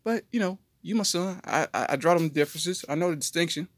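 A man's voice: a little high, fast, no echo, clean studio sound, voice pushed up, lightly acted. A man voicing a blunt, sassy middle-aged mother questioning her son. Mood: probing.

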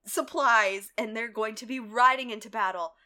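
A woman co-hosting a casual TV recap, animated, laughing often and swearing freely. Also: a little high, moderate pace. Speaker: podcast co-host.

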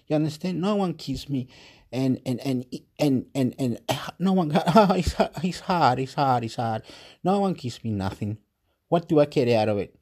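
A man's voice: fairly high pitch, lively intonation, moderate pace, a little mellow, slightly rough. A man ranting in a rambling monologue. He keeps repeating himself, stumbles over words and laughs now and then. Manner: repetitive, stumbling, frequent laughs; agitated, exasperated rant.

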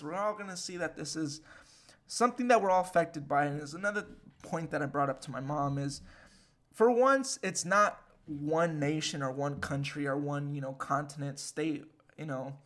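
Animated, foul-mouthed young man ranting. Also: a little high. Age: 20s. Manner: animated and profane, with frequent fillers. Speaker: podcast host. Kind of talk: casual ranting monologue.

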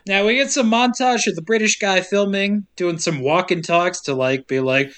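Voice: mid-range voice, moderate pace, hardly any pauses, fairly bright tone, smooth. A podcast co-host recapping a movie in casual chat, wry and sarcastic, laughing often.

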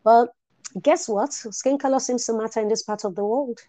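A woman hosting a casual talk show, animated and quick to laugh, often repeating words as she gets going. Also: on the high side. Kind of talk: casual chat.

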